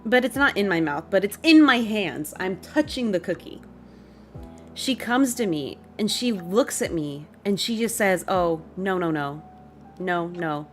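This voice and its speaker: A young adult woman streaming to her chat, telling a story in an exasperated, animated rant and laughing as she vents. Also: mid-range voice, unhurried, faint music behind.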